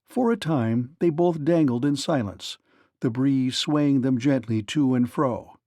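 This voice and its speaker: A man narrating a children's read-along story in an animated storytelling manner. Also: medium pitch, measured pace, no room sound, studio quality.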